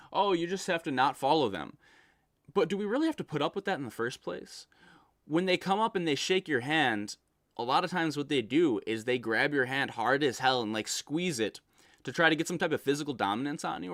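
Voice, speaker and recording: A man reads out viewer messages and rants about them in an animated, exasperated way, as a reaction commentary. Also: a little high, no echo, clean studio sound. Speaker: content creator reading viewer messages.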